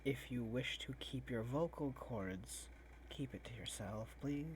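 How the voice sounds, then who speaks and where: A woman's voice: a bass voice, unhurried, a little hiss or hum. A woman voicing a stern, threatening masked doctor. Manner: dry, clipped threats.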